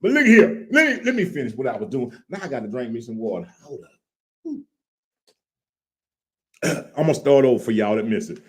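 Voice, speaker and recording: A man's voice: mid-range voice, sing-song, moderate pace, long pauses. A man hosting a live-stream chat show, joking, repeating catchphrases and hyping up the audience.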